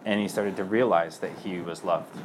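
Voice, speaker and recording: A man's voice: low voice, fairly even intonation, normal speed, slight background noise. A young man speaking as a priest, giving an earnest personal testimony in a loose conversational way. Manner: earnest and conversational, many fillers.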